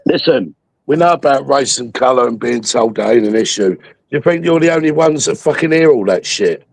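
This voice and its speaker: A man's voice: medium pitch, animated, fairly quick, gravelly, dry recording, rough recording. Sweary man in his sixties ranting. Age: 60s. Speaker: livestream host. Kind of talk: heated political chat.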